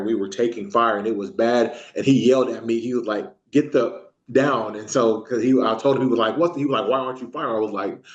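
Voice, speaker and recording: Veteran man, 30s-40s, interviewee, halting speech full of ums, roomy echo, dull lo-fi audio. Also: medium pitch. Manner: halting, many ums and restarts. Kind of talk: recorded oral history interview. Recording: echoey room, dull lo-fi sound.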